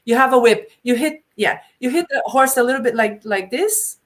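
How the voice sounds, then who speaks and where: A woman's voice: on the high side, moderate pace. A middle-aged woman, a BDSM educator, talking in an informal Q&A, telling stories animatedly and acting out quotes with laughter. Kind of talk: informal Q&A discussion.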